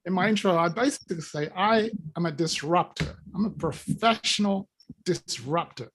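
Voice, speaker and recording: A man speaking as a guest business coach on a video call. He gives a playful, emphatic motivational talk and laughs between his drawn-out catchphrases. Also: high voice, a little hiss or hum.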